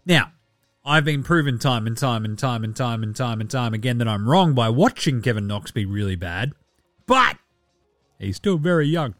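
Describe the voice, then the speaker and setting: A man hosting a casual sports podcast, joking and swearing as he runs through the news and now and then slips into quick mock voices for the people he talks about. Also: mid-range voice, lively intonation, a bit bright, no echo, clean studio sound, soft background music. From Australia. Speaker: podcast host.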